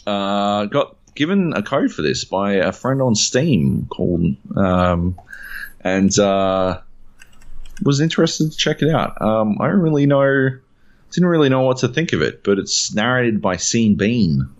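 Deep-voiced podcast co-host, animated and profane, with slightly dull lo-fi sound. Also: male voice, unhurried. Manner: animated, profane, rambling with fillers. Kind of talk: casual chat.

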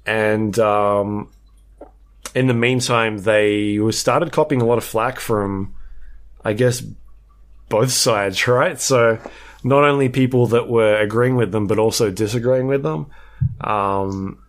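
A low-voiced man co-hosting a podcast. He talks in a measured, hesitant way, pausing on fillers as he works through his point. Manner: hesitant, measured, many ums. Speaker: podcast co-host. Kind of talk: casual podcast chat.

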